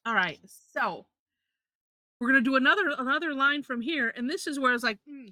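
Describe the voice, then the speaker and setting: Woman, drawing teacher, chatty, restarts sentences, bright voice, fairly high, dry sound. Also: lively intonation, a little fast, no room sound. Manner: chatty, self-correcting, laughs often. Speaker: drawing instructor. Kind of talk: live online drawing lesson.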